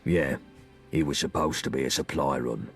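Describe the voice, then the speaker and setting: An actor playing a sly male London gang leader who speaks in a husky, mocking drawl. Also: extremely low pitch, steady tone, normal speed, soft background music.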